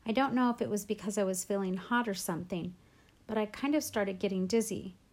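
A woman hosting a read-aloud, narrating a novel with clear, expressive storytelling. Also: medium pitch, fairly quick.

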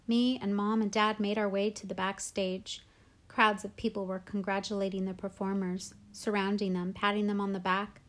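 A woman hosting a read-aloud, narrating a novel with clear, expressive storytelling. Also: medium pitch, normal speed.

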